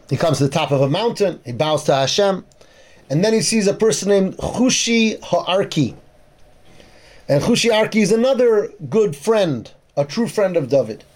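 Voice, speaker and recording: A man's voice: high voice, darkish tone. A man teaching a Torah class, retelling a biblical story in plain speech and weaving in Hebrew verses and terms, with frequent restarts. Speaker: Bible teacher.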